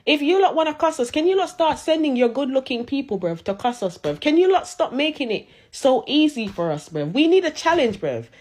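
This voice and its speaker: A woman's voice: sits high, big pitch swings, brisk, few pauses, darkish tone. A woman of Jamaican heritage delivering a sarcastic comedic roast to camera. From Jamaican community. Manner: sarcastic, mocking, punchy. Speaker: social media commentator.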